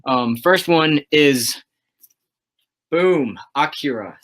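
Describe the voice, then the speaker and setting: A man whose voice runs on the high side, animated and a bit bright, drawls out his words while hosting a casual livestream chat. He rambles enthusiastically about comics, using lots of fillers.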